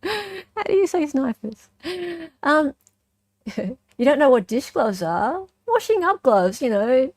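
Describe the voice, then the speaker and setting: A woman's voice: high-pitched, slow pace, no echo. Sarcastic Australian woman with a dry voice. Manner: animated, sarcastic, keeps asking "right?". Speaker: true-crime commentary host. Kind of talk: casual livestream commentary.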